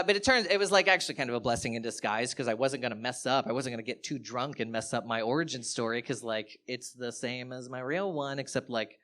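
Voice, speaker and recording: A man performing standup comedy live, animated and self-mocking, with swearing. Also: mid-range voice, brisk.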